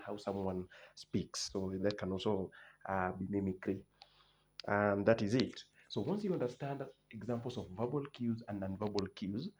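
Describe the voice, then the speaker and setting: A man with a lowish voice teaches an exam revision lesson, numbering his points and saying each key term twice. He often restarts sentences with fillers. A steady hiss of background noise sits under the recording. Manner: explains point by point, repeats key terms, many restarts and fillers. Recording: noisy background.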